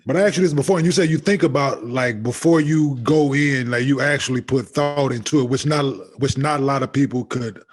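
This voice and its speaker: A man's voice: medium pitch, fairly quick, few pauses. A man hosting a podcast, talking in a laid-back, slangy and profane way. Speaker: podcast host. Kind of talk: casual podcast chat.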